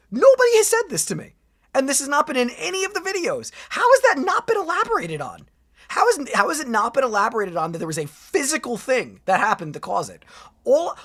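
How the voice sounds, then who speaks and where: A streamer reacting to videos in a live-stream chat, talking in an animated, rambling way with bursts of exclamation. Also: mid-range voice.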